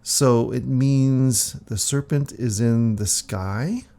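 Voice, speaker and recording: Guy doing a mild thoughtful priest, slow and gravelly. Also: medium pitch, dark tone, pitched above the performer's own voice. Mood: musing.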